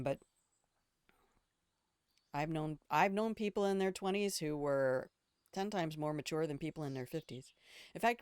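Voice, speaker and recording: A woman's voice: sits low, darkish tone, dry recording, studio quality. An older woman chatting casually while streaming a game, blunt and opinionated, swearing freely and rambling from one aside to the next. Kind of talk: casual gameplay commentary.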